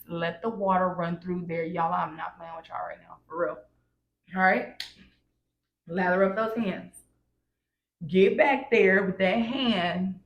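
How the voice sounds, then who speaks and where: A woman's voice: fairly low pitch, creaky, lo-fi sound. A woman vlogger giving hygiene tips in a casual, blunt, insistent way, often checking in with "all right?". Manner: emphatic, repeats "all right?" and "wash, wash". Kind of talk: casual instructional vlog. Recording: echoey room, faint ambience.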